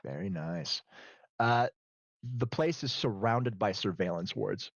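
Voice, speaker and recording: A cool, businesslike demon heir who gives orders without hurry, as a game master puts him on. Middle-pitched and dry, heard through dull lo-fi stream audio. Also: male voice, lively intonation, takes it slowly, gravelly, dry recording, heavily acted. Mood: calm. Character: composed demon heir and powerful boss.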